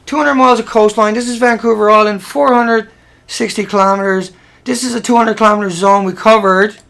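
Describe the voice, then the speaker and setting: A man's voice: sits high, fairly even intonation, brisk, creaky, a bit bright. A man talking casually over a slideshow of photos, rambling in a plain-spoken way and often restarting his sentences. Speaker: presenter walking viewers through photos.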